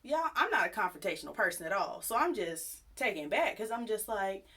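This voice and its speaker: A woman's voice: medium pitch, fairly quick, slightly rough. Sassy, chatty young woman telling a story. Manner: chatty, animated, sassy retelling with acted quotes. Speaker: YouTube storyteller. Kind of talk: casual storytime vlog.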